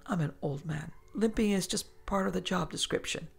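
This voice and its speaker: A woman voicing a frail, kindly old male priest who speaks slowly and gently, sometimes near a whisper. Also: fairly low pitch, vocal fry, breathy edge, full character voice. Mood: gentle.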